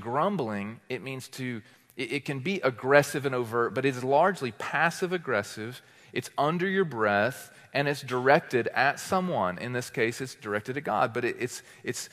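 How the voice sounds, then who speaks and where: A man preaching as a teaching pastor, firing rhetorical questions at the congregation and swinging between loud declarations and quiet asides. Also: mid-range voice. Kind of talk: sermon. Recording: long hall reverb.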